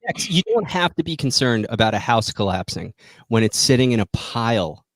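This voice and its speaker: A man's voice: medium pitch, fairly quick, no room sound. A man co-hosting a casual chat, telling sardonic jokes and stories with quoted asides. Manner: sardonic, joking, animated storytelling. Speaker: co-host.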